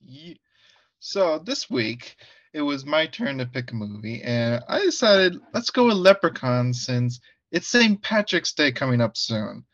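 A man from Guatemala co-hosting a casual movie review podcast, laid-back and quick to laugh. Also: mid-range voice, very animated, fairly bright tone, no room sound, muffled recording. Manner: laid-back, laughs easily, repeats himself. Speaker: podcast co-host.

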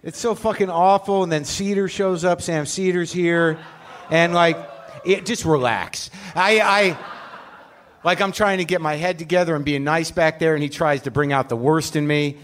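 A man with a somewhat raised pitch hosts a live show from a stage. He delivers a rambling comic monologue, mocking himself and swearing freely as he goes. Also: fairly even intonation, normal speed, fairly bright tone. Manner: rambling, self-deprecating, profane rant. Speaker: podcast host.

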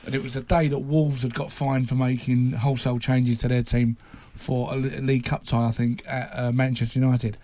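A man's voice: mid-range voice, level tone, brisk, few pauses, warm tone. A man, a football journalist, telling anecdotes in casual chat and laughing at his own impressions.

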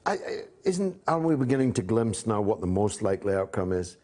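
A man with a fairly low voice hosts a political interview. He builds long, measured questions and fills the gaps with frequent "uh" pauses. His tone is steady and leading. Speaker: host.

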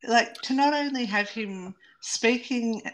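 A woman's voice: fairly high pitch, a little slow. A woman co-hosting a podcast, giving frank, opinionated film criticism in casual chat. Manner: opinionated, critical, laughs easily. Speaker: podcast co-host.

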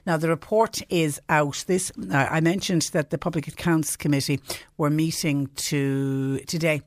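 A man's voice: a little high, steady tone, moderate pace, dry recording, clean studio sound. A man with an Irish accent hosting a radio phone-in show, talking in a chatty, indignant way and firing off rhetorical questions. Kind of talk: radio talk show monologue. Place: radio studio.

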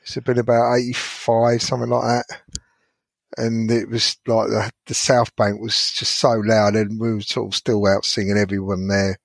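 A man's voice: fairly low pitch, little pitch movement, normal speed, creaky, no room sound. A man on a casual fan podcast, telling a memory in a rambling way and repeating words while he thinks. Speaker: podcast co-host. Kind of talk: casual storytelling chat.

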